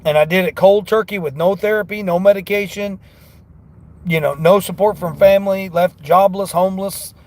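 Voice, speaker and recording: A man's voice: high-pitched, normal speed, a little mellow. A man vlogging from his car on delivery runs, talking in an earnest, rambling, motivational way. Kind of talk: casual talk while driving.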